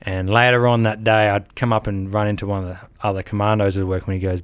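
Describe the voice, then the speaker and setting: Fast and with few pauses, an Australian army veteran in his thirties shares war stories in an interview, his voice on the low side and clean with no room sound. He's lively, laughing through the telling while acting out quotes and sounds.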